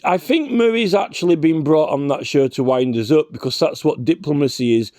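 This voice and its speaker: In a dry, clean studio recording, a man with a slightly high, slightly mellow voice rants as a reaction vlogger. He stammers and keeps restarting his sentences while repeatedly challenging the man he is arguing with.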